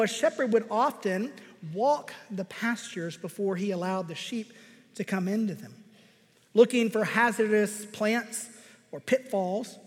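A man preaching a sermon, measured and emphatic, with deliberate pauses. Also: sits high. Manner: measured, emphatic pauses, reads scripture aloud. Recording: reverberant hall.

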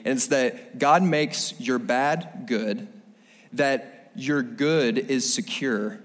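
A man preaching a sermon in a casual, animated storytelling way, often restarting his phrases. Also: medium pitch. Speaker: pastor. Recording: long hall reverb.

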